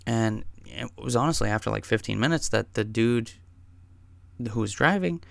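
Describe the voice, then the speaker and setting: A man's voice: lowish voice, expressive, normal speed, vocal fry, fairly bright tone, no room sound. A man hosting a podcast, telling a personal story in a casual, profane and emphatic way. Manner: profane, emphatic, says "dude" and "man" a lot. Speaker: podcast host.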